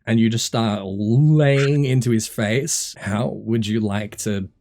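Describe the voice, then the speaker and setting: Low-voiced man running a tabletop game. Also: takes it slowly, dark tone. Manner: describes scenes with frequent fillers and restarts. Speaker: dungeon master.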